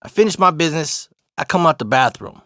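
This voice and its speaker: A man's voice: a little high, animated, a little fast, fairly bright tone, no echo, clean studio sound. A young man telling a rambling, profane restroom story in a casual storytime monologue, laughing as he goes. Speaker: vlogger.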